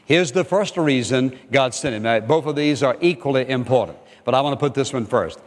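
A man's voice: medium pitch, a little fast, big-room sound. An older man preaching a sermon as pastor, emphatic and repetitive, questioning his listeners directly.

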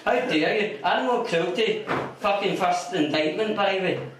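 A man's voice: high voice, moderate pace, a bit bright. A Scottish man doing a crude, rambling stand-up comedy set with frequent stammers, recorded from far off in a club. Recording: echoey room from far off, noisy. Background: audience laughter.

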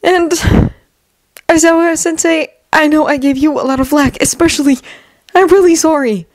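An earnest, eager teenage boy, as a woman reading a story puts him on, pitched well above her own voice and slightly louder. The sound is dry and close. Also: steady tone, moderate pace, no room sound. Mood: earnest apologetic.

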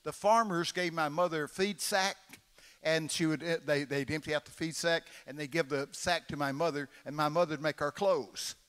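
A man's voice: on the high side, moderate pace, fairly bright tone, clean tone. A man in his eighties with a Texan accent, preaching a folksy, dramatic storytelling sermon. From Texas, USA. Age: 80s. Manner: folksy, dramatic, acts out voices. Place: large church conference hall. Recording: long reverb of a large hall.

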